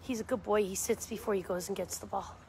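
A woman's voice: mid-range voice, steady tone, fast talker, gravelly, a little mellow, slight background noise. A woman on a live stream in a backyard, talking to dogs in coaxing baby talk, calling and cheering them on. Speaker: dog rescue volunteer. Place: backyard outdoors.

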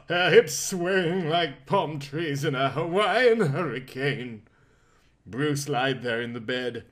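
A man's voice: mid-range voice, fairly bright tone. A man reading a comic parody story aloud in a melodramatic, mock-passionate narration.

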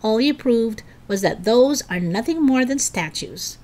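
Woman reading as loud mocking schoolboy, high and lively. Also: measured pace. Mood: scoffing. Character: boastful skeptical schoolboy, stubborn.

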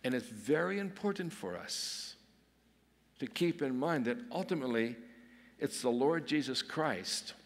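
A man's voice: medium pitch, expressive, unhurried. A man preaching an earnest sermon as pastor, swelling and dropping his voice for emphasis. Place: church sanctuary. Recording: long reverb of a church hall.

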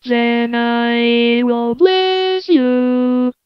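A man voicing a gentle heavenly woman who speaks very slowly and soothingly. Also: very high-pitched, flat delivery, clear, resonant tone, dry recording, dull audio, faint music behind, voice pushed up, full character voice. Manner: very slow, soothing. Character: gentle, high, slow-speaking heavenly female helper.

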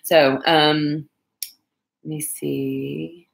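A woman's voice: deep voice, flat delivery, extremely slow, gravelly, roomy sound, rough recording. A woman chatting casually and rambling to viewers while she crafts on a livestream. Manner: chatty, rambling, self-deprecating, talks to viewers and pets.

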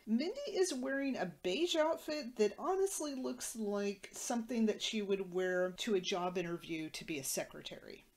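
A woman's voice: medium pitch, expressive, moderate pace, hardly any pauses, darkish tone. A woman podcast host recapping a TV episode in a matter-of-fact way with wry asides.

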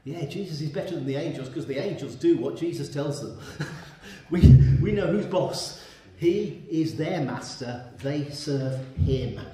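A man's voice: on the high side, measured pace, warm tone. A man preaching a sermon in a church and reading from the Bible, emphatic and repeating his key points. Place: church hall. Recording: very echoey room.

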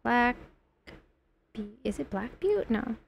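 A woman's voice: fairly high pitch, very animated, takes it slowly, vocal fry, husky. A young woman streaming a video game from home, chatting casually and giggling while she rambles and reads her chat aloud.

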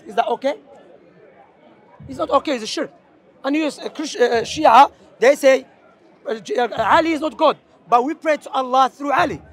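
High-voiced man preaching outdoors in a debate. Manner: earnest, animated and persuasive, sprinkled with Arabic phrases. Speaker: street preacher. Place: busy outdoor public space.

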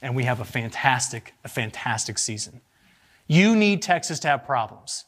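A man, an agricultural meteorologist, giving a lively, joking slide presentation to farmers and asking the audience rhetorical questions. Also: mid-range voice, normal speed, slightly rough.

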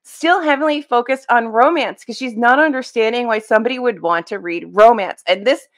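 A woman's voice: fairly high pitch, brisk. A woman hosting a casual reaction video about books, talking in a rambling, wryly exasperated way at home before work. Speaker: book commentary video host. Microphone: streaming webcam setup.

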